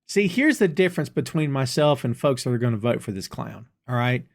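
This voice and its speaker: A man's voice: medium pitch, lively intonation, brisk, gravelly. A middle-aged man from the United States hosting a solo podcast, talking straight to his listeners in a folksy, exasperated way. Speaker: podcast host. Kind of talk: solo political commentary podcast.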